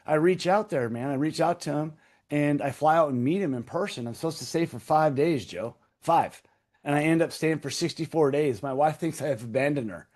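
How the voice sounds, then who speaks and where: A man's voice: fairly high pitch, brisk, a little mellow. A man in his thirties, a podcast guest, telling a raw personal story with emphatic repetition and swearing. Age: 30s. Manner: emphatic, repeats key phrases, swears. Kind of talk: intense storytelling in interview.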